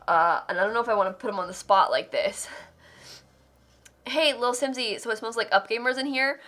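A young woman on a live charity stream reads out donations and pours out heartfelt thanks. Her voice sits a little high and sounds crisp and bright. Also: brisk. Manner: effusive, emotional thanks.

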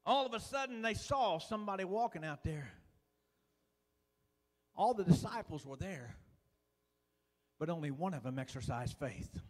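A man preaching a sermon in a folksy, fervent way, dotting his lines with "uh" and dropping suddenly to a hush. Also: high voice, lively intonation, moderate pace, pauses often. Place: church sanctuary. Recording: long reverb of a church hall.

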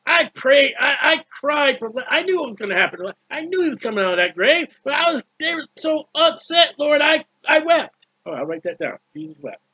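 A man's voice: extremely high pitch, sing-song, brisk, sharp tone, no room sound. A man preaching a fervent sermon, with many restarts and repeated words. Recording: dull lo-fi recording.

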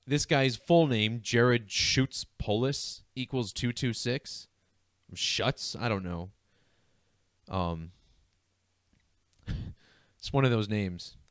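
A man's voice: mid-range voice, slow pace, pauses often, a bit bright, smooth, no echo. Giggly man at a dry desk mic. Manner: giggly, keeps breaking into laughter. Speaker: numerology video host. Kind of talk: casual screen-share commentary.

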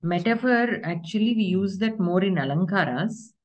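A woman's voice: medium pitch, expressive, normal speed. A woman teaching Sanskrit grammar in an online class, explaining patiently step by step with examples.

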